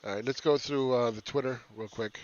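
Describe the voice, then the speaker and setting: A man's voice: mid-range voice, fairly even intonation, brisk, darkish tone, muffled recording. A man giving casual, rambling live chart commentary as a market analyst, often asking "right?".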